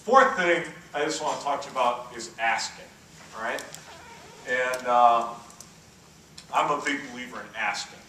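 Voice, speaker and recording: Bright-voiced man speaking in an echoey hall. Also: mid-range voice, moderate pace, long pauses, recorded from a distance, slight background noise. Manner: anecdotal storyteller, checks in with the audience. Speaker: keynote speaker. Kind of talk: conference keynote speech. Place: conference hall.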